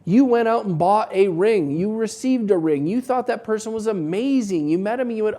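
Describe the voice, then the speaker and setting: A man with a mellow, warm voice talks casually to camera, giving business advice with a wry, joking edge. He tells animated little stories to make his point. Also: high voice, normal speed, few pauses. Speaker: business coach for dental practices.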